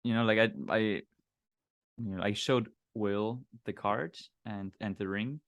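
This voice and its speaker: A man with a lowish voice hosts a casual podcast chat. He talks haltingly, with lots of fillers and restarts as he searches for words. The sound is dry and close. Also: fairly even intonation, no echo. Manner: hesitant, many fillers and restarts. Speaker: podcast host. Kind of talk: casual conversation.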